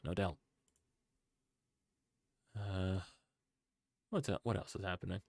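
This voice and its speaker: A man with a low voice rants to his live-stream viewers. He swings between loud frustrated outbursts and low muttering. The recording is dry and close, with no room sound. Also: fairly even intonation, slow pace, gravelly, no echo. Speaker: sports fan streamer. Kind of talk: live-stream sports rant.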